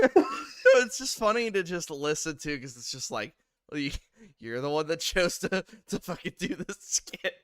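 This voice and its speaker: A man hosting a podcast in an animated, laughing casual chat. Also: on the high side, moderate pace, smooth, no echo, studio quality. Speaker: podcast host.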